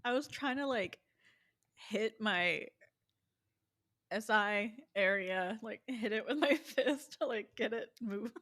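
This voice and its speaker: A woman in her thirties co-hosting a podcast, telling stories in animated casual chat and laughing a lot. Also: medium pitch, takes it slowly. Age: 30s. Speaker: podcast co-host.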